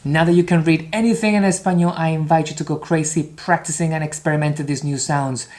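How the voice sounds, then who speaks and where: A man's voice: on the high side, steady tone, fast talker, darkish tone. A man from Spain with a Spanish accent teaching a beginners' video lesson, encouraging and drilling sounds by repeating them. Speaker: language teacher.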